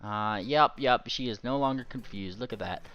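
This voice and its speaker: A woman narrating a tabletop game as game master, playful and animated. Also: extremely low pitch, moderate pace, dull audio, faint music behind. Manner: playful, animated, squeals and laughs.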